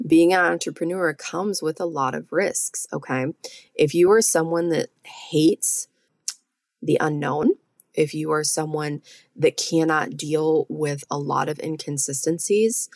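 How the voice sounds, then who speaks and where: Blunt, low, gravelly woman podcaster. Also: no room sound, clean studio sound. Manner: blunt, swears freely, keeps asking "okay?". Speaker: podcast host and med spa owner. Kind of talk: casual solo podcast talk.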